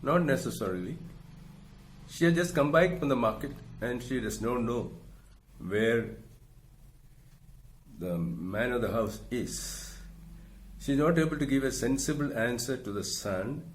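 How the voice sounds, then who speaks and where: A middle-aged man, giving a recorded lecture in a slow, measured way and explaining through worked examples. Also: medium pitch, animated, slight background noise. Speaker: teacher.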